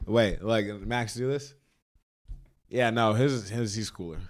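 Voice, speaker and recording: A man's voice: lowish voice, slow. A man joining a casual podcast chat, laid-back and slangy, getting emphatic about his opinions.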